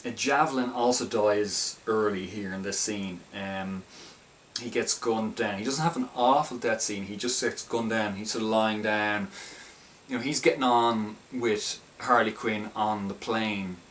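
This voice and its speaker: A man's voice: on the low side, steady tone, unhurried, fairly bright tone, distant mic, a little hiss or hum. A man casually reviewing a film, talking in a hesitant, stop-start way with many restarts.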